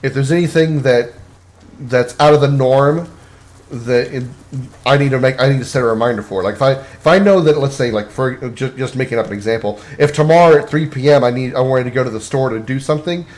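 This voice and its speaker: A man's voice: mid-range voice, fairly quick, darkish tone. Rambling man chatting on a game stream. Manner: rambling, many restarts and fillers. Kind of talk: casual chat while gaming.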